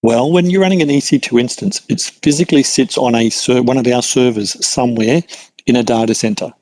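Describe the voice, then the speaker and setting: Middle-aged Australian man, instructor, conversational lecture, mid pitch, dry sound. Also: brisk, a little mellow, no room sound, poor audio. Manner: conversational, frequent fillers and restarts. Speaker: cloud computing instructor. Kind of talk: lecture with work anecdotes.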